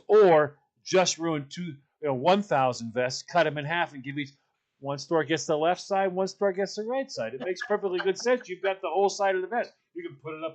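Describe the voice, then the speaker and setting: A man co-hosting a comedic chat, telling animated stories with stammers and acted-out voices. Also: fairly high pitch. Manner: animated storytelling, stammers and acts out people. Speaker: co-host.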